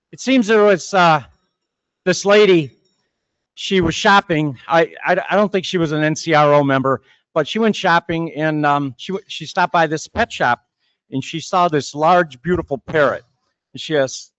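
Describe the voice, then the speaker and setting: A man's voice: fairly high pitch, normal speed, fairly bright tone, dry recording, muffled recording. A man giving opening remarks as master of ceremonies at a breakfast meeting, chatty and rambling, often repeating words.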